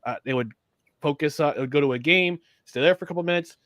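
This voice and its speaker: Higher-voiced guy from upstate ny talking sports, animated, keeps restarting his sentences, dry close mic. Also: fast talker, no room sound. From upstate New York. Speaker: podcast co-host. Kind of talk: casual sports chat.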